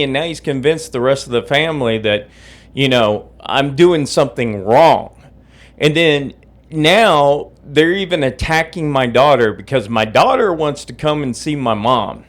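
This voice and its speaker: A man's voice: fairly high pitch, animated, normal speed. A middle-aged man, hosting his own podcast in a profane, agitated rant just after waking up. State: just woke up, drinking coffee. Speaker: podcast host. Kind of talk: angry personal podcast rant.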